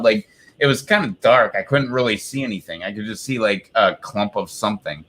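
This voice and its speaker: A man's voice: fairly low pitch, animated, fairly quick, pushed and bright. A man chatting casually on a live stream from his home, rambling through a story with lots of fillers. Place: home, indoors.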